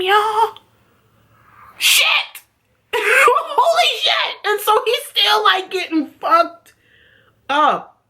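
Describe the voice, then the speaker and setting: A woman vlogger casually recapping a TV episode, telling it in an excitable, profane way. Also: a little high.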